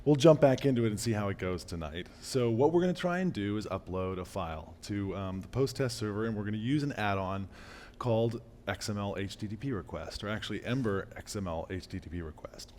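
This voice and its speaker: A man giving a casual live-coding talk at a meetup, losing his voice and clearing his throat, with fillers and restarts. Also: lowish voice, lively intonation, fairly quick, darkish tone, a little hiss or hum. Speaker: meetup presenter. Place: meetup room.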